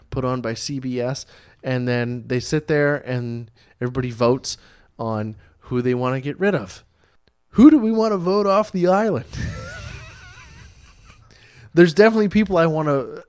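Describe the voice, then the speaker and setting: A man's voice: medium pitch, clear, resonant tone. A young man co-hosting a casual podcast, rambling through stories, swearing freely and laughing often. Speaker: podcast co-host. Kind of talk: casual chat.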